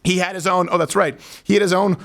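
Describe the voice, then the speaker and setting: A man's voice: high voice, steady tone, fast, vocal fry, fairly bright tone. A man hosting a comedic talk show, joking and rambling. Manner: joking, rambling, laughs at his own stories. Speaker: host.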